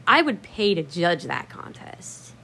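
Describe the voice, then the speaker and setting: A woman's voice: on the low side, a little slow. A woman hosting a podcast, telling stories in a casual chat, blunt and profane, laughing often and acting out quotes. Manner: acts out quotes with lively voices. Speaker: podcast host.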